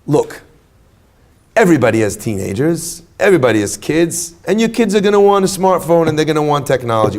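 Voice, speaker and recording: Guy with a fairly high voice doing an animated inspirational talk, tells funny stories. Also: brisk. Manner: animated storyteller, jokes with the crowd. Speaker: speaker at a retreat.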